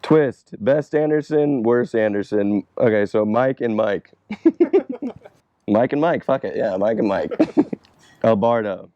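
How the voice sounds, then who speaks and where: A man's voice: mid-range voice, very animated, slow pace, pauses often, no echo, highs cut off. A young man in casual chat, answering fan questions about skateboarding in a loose, rambling way, swearing freely and laughing often.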